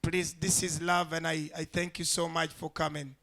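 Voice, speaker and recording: A man's voice: a little high, little pitch movement, normal speed, gravelly, bright, forceful tone. A man doing stand-up on a live stage, telling a story animatedly and acting out the voices in it. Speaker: stand-up comedian.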